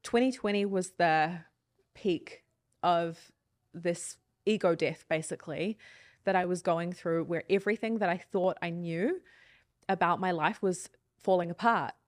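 A woman's voice: lowish voice, a little slow, no echo, clean studio sound. A woman in her thirties, a podcast guest, telling a personal story in a candid, reflective and earnest way. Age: 30s.

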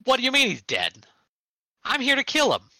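A man voicing a crazed male gang leader who yells at the top of his lungs. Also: extremely high pitch, wildly swooping pitch, normal speed, dry recording, voice pushed up, exaggerated voice. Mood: enraged.

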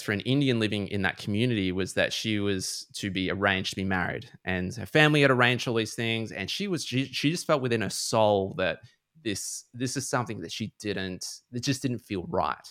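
Low-voiced rambling man. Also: a bit bright, no room sound, studio quality. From Australia. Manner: rambling, heavy on fillers like "like" and "you know". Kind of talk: casual podcast chat, retelling a book.

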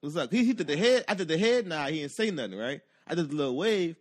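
Man, casual storytelling, lively swooping pitch, profane, acts out other people's voices. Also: fast talker.

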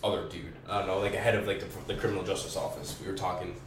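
A man's voice: low-pitched, very fast, noisy background. A young man telling a story as a podcast guest in casual, slangy, profane talk. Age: young adult. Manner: slangy, profane, animated retelling. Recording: roomy echo, distant mic, faint background.

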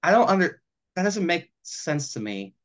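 A man co-hosting a podcast who talks a film over in casual chat, swearing freely and acting out the characters' lines in quick little voices. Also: a little high, very animated. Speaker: podcast co-host.

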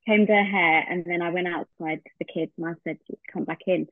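A podcast guest shares a heartfelt personal story, slipping into the remembered dialogue as she goes. Her voice sits a little low for a woman. The sound is dry and thin, like a phone line. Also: fairly even intonation, a little fast, dry recording.

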